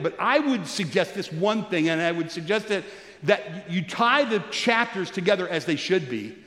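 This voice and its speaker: Preaching man in an echoey hall. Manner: expository preaching, rising in pitch when stirred. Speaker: pastor. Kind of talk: sermon. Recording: echoey hall with long reverb.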